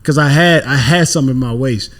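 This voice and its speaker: A man's voice: medium pitch, quick pace, a bit bright. A young man, a podcast guest, telling a story casually and animatedly, acting out what people said and swearing freely.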